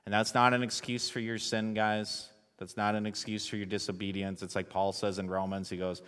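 A man preaching a sermon as pastor, relaxed and conversational, joking with the congregation. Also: lowish voice, fairly quick, hardly any pauses, clear, resonant tone, in a large hall.

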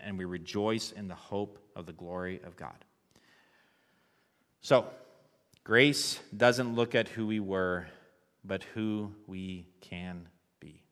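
A man preaching a sermon as pastor, relaxed and conversational, joking with the congregation. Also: lowish voice, long reverb tail.

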